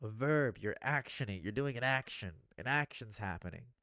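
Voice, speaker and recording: A man streaming a rambling, earnest monologue, going from hushed to excited and repeating his phrases. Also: on the low side, moderate pace, dry recording. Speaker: commentary streamer.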